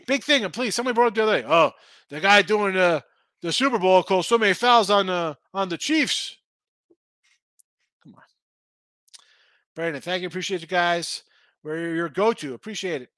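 High, bright-voiced sports betting host. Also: male voice, dry recording. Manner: rambling, excitable, talks back to chat. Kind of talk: casual live-stream chat reading viewer comments.

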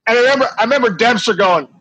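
High-voiced husky middle-aged man storyteller. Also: rough recording. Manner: animated, laughing anecdote teller with many restarts. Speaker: former ballplayer guest. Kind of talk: casual storytelling.

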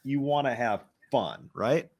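A man's voice: medium pitch, sing-song, a little slow, vocal fry, darkish tone, breathy edge. A man co-hosting a casual podcast chat, mostly reacting with short, easygoing remarks. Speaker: podcast co-host.

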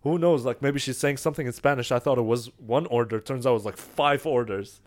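A young man casually telling a long date story on a podcast, animated and full of "like" and "yo". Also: mid-range voice, a little fast. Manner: animated storyteller, heavy use of "like" and "yo". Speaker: podcast co-host.

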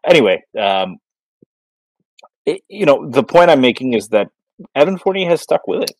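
A man's voice: medium pitch, sing-song, moderate pace, dry recording, rough recording. A man co-hosting a podcast in casual sports chat, rambling with many fillers and restarts. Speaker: podcast co-host.

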